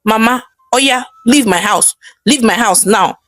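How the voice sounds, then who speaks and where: A woman with a Nigerian accent voicing a bewitched grown son who talks in a flat, mechanical way. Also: fairly high pitch, a little slow, no room sound. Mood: dazed. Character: spellbound grown son, blank and obedient.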